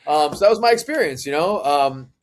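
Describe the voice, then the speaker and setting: A young man co-hosting a podcast, telling a long story in a lively, animated way and putting on other people's voices in the quotes. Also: fairly high pitch, a little fast. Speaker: podcast co-host, Macho Man impersonator. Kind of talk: casual storytelling chat.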